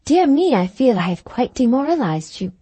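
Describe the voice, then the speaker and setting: Storybook role: woman voicing a wealthy young lady, coaxing, lifted pitch, mellow tone. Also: big pitch swings, normal speed, slightly rough, no room sound, exaggerated voice. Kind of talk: audiobook character reading.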